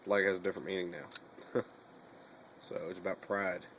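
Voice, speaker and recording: A man's voice: low-pitched, little pitch movement, moderate pace, a bit bright, a little hiss or hum, rough recording. A young man chatting casually in a bedroom vlog, rambling and swearing a lot between fillers. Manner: rambling and profane, with many fillers.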